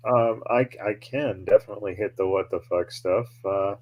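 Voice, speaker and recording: A man's voice: on the low side, normal speed, dull audio. A man co-hosting a casual wrestling talk show, laid-back and giving short agreeing replies. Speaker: podcast co-host.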